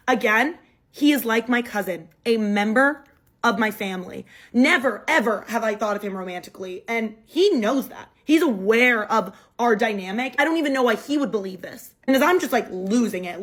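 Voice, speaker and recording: A young woman retelling a personal drama in an animated, exasperated way, acting out her own quoted lines. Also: a little high. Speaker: storyteller. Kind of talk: storytime vlog.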